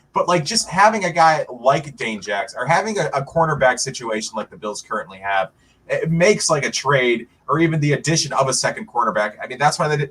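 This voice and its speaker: A man co-hosting a sports podcast, talking in a relaxed, chatty way and often saying "like". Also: mid-range voice. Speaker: podcast co-host. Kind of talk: casual sports podcast discussion.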